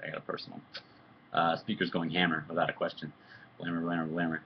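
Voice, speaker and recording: A man's voice: low voice, monotone, quick pace, gravelly, husky, lo-fi sound. A man chatting casually on a live video stream, answering fan questions in a loose, joking, rambling way. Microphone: computer webcam mic.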